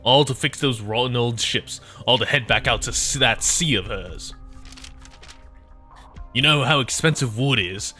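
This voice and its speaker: A man's voice: mid-range voice, a little slow, pushed and bright, faint music behind. A man voicing a worried, grumbling male cook who pleads with a friend.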